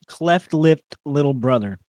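A man's voice: fairly high pitch, animated, measured pace, darkish tone, no room sound. A young man co-hosting a podcast in casual, profane chat while eating. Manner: profane, laid-back, eating while talking. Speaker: podcast co-host.

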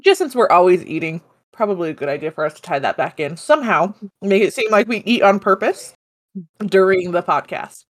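Teasing woman with a lowish voice, dry. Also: lively intonation, brisk, no room sound. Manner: teasing, sarcastic. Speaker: podcast co-host. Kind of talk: casual chat.

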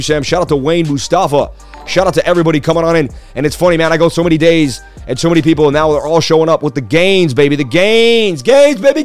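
A man hosting a crypto chart livestream in a hyped, boastful way, talking straight to viewers, his voice slightly worn. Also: a little high. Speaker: crypto market analysis livestream host. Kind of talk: casual livestream chart analysis.

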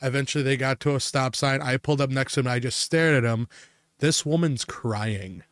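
A man's voice: mid-range voice, brisk, no room sound. A man from Wisconsin co-hosting a casual podcast, telling a road story in a profane, ranting way. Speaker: podcast co-host. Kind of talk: casual chat.

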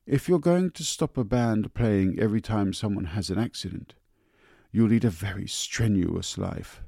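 A man's voice: on the low side, animated, moderate pace, dark tone, no room sound, clean studio sound. A man voicing an impatient young woman who speaks curtly and scornfully to her sister.

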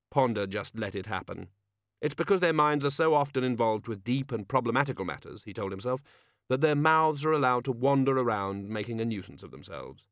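Guy reading an audiobook, measured and dry, close dry sound. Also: medium pitch, animated, a bit bright, dry recording. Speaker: audiobook reader. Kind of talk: scripted audiobook narration.

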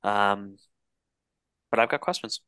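A young man co-hosting a podcast, his voice bright and forceful. He rambles animatedly through stories and swears freely. The recording is close and dry, with no room sound. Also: lowish voice, slow pace, clear, resonant tone, no echo. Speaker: podcast co-host. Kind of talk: casual chat.

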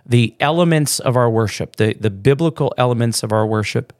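A male pastor co-hosts a church podcast, chatting in an easy, joking way and often restarting his sentences. His voice sits at an ordinary pitch. The recording is close and dry, with no room sound. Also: brisk, no room sound. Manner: relaxed, joking, with frequent fillers and restarts. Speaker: pastor, co-host. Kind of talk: casual podcast chat.

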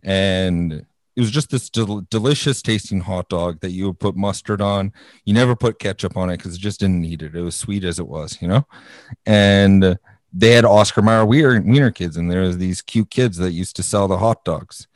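A man in his late twenties chats on a podcast, telling stories against himself and laughing often. His voice sits a little low. It is recorded close and dry, with no room sound. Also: normal speed, dry recording. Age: 20s. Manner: laughing, self-deprecating storyteller. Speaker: podcast co-host. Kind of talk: casual chat.

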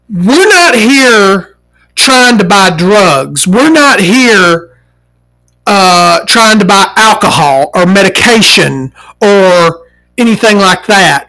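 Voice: mid-range voice, bright, forceful tone, poor audio. Forty-something vlogger ranting, tons of swearing, voice jumps all over the place. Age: 40s. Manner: angry and exasperated, heavy swearing, mimics the people in the story. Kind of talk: profane ranting storytime.

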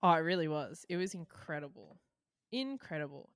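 Chatty excitable woman co-host. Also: deep voice, dry recording, studio quality. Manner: chatty, excitable, quick asides. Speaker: podcast co-host. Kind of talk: casual chat.

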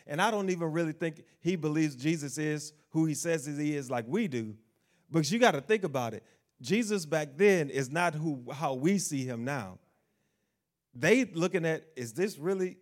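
A man preaching a sermon, asking the congregation questions and acting out the figures of the Bible story in quotes. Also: on the high side.

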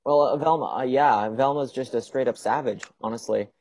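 A man's voice: medium pitch, normal speed, a little mellow. A teenage boy hosting a podcast from his room at home, chatting eagerly and playfully, often stumbling and restarting his words. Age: teens. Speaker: podcast host. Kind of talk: casual chat. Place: home bedroom.

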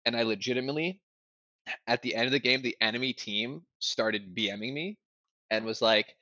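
A young man telling a story in casual chat, animated, swearing a lot, with lots of "like" fillers. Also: medium pitch, moderate pace, dry recording, lo-fi sound. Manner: animated, swears a lot, fillers like "like", bursts into loud yelling when reenacting.

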